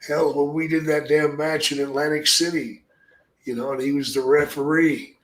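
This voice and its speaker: A retired wrestler spins rough, cussing stories in a loose, rambling way. The man's voice sits fairly high for his sex. The sound rings around an echoey room. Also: fairly even intonation, moderate pace, fairly bright tone. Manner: gruff, profane, rambling anecdotes. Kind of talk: casual podcast storytelling.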